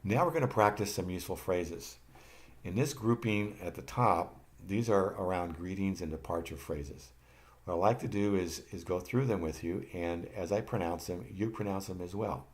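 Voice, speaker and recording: Male teacher, very low voice, patient slide-lesson delivery, leaves room for listeners to repeat, self-corrects now and then. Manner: patient, repeats phrases for learners to copy; occasional restarts and self-corrections. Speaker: language teacher. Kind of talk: slide-based lesson narration.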